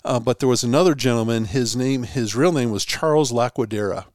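A man's voice: medium pitch, a little fast, a little mellow, dry recording, clean studio sound. A man co-hosting a casual sports podcast, telling long rambling stories with many restarts. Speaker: podcast co-host.

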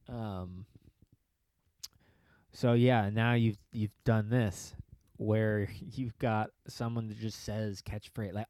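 Man, podcast host, low-ish voice, dry close sound, rambling, sarcastic, laughs a lot. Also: a little slow, long pauses, a little mellow, no echo. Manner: mocking put-on quoted voices. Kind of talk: casual chat.

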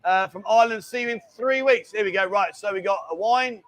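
A man's voice: sits high, a little fast, a bit bright. A man hosting a casual live stream from a bar, joking around and reading viewer messages aloud.

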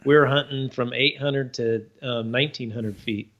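A man's voice: medium pitch, fairly even intonation, normal speed, a bit bright. A man in a casual talk, answering in a laid-back way with short replies. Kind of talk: casual chat.

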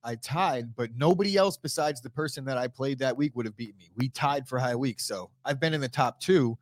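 A man's voice: mid-range voice, fairly quick, no echo. A man with a stuffy, allergy-congested nose, co-hosting a casual sports chat, brash and teasing with lots of swearing. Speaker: podcast co-host.

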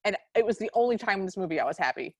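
A woman's voice: medium pitch, lively intonation, rapid-fire, no room sound. Sarcastic woman podcast co-host. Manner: sarcastic, exasperated. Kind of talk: casual chat recapping a movie.

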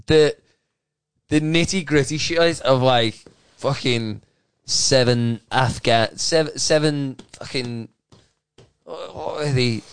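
A man co-hosting a podcast, talking in an animated, opinionated casual chat. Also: medium pitch, slow, smooth, no room sound. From Australia. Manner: animated, opinionated, laughing often. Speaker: podcast co-host.

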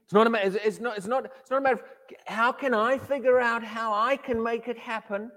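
A man preaching a sermon in an animated way, often repeating his words and acting out quotes. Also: extremely high pitch, brisk. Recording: echoey hall reverb.

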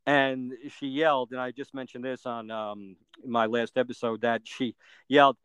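A man's voice: medium pitch, little pitch movement, normal speed, a bit bright, smooth, no echo, rough recording. A middle-aged man, a podcast guest, telling a personal story earnestly and plainly, step by step, with everyday fillers.

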